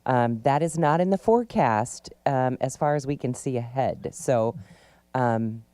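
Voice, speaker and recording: A woman's voice: extremely low pitch, expressive, unhurried, no room sound. A woman co-hosting a morning radio talk show, chatting casually with many ums and restarts. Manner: warm-hearted chatter, lots of ums and restarts. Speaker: radio co-host. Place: radio studio.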